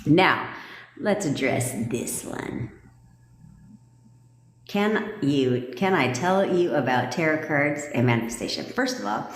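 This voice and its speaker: Low-voiced woman, brash manifestation coach, swears freely and laughs between points; echoey room sound. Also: lively intonation, takes it slowly, pauses often, a little hiss or hum. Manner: blunt and profane, laughs often. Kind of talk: casual livestream talk. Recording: echoey room with long reverb.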